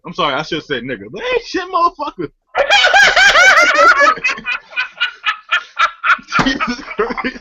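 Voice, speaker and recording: Guy ranting and cussing on a podcast, really high and all over the place. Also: slow, pauses often, dull audio. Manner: profane, animated ranting with frequent laughter. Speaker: podcast co-host. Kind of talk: casual comedic rant.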